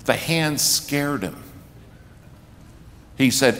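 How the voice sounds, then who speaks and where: A man preaching a sermon in a church, telling a story with lively acted-out quotes that build to loud, raised passages. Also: fairly low pitch, unhurried. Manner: animated storyteller acting out quotes, rising to shouts. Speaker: guest preacher. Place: church sanctuary. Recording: reverberant church hall, faint ambience.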